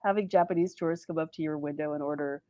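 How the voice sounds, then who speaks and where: A woman's voice: low voice, steady tone, fast talker, mellow, dry recording, lo-fi sound. A woman on a live panel show chatting casually and bluntly, swearing freely.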